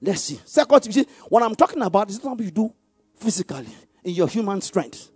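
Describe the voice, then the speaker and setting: A man preaching, leading the congregation in call-and-response and rising to loud exclamations on key words. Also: high voice, fast, breathy edge, no room sound, soft background music. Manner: animated call-and-response, leads the congregation to repeat verses. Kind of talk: sermon.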